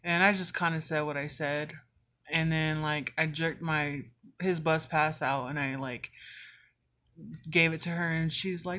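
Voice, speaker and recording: This woman's voice is low, sharp, and unhurried, with fairly even intonation. She's vlogging a storytime in casual conversation, swearing a lot and leaning heavily on "like" as filler.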